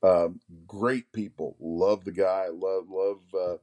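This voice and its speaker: A man in his forties, a comic artist, telling rambling anecdotes in a casual interview, often clearing his throat. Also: sits low, fairly even intonation, takes it slowly, dark tone. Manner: rambling anecdotes, acts out others' lines.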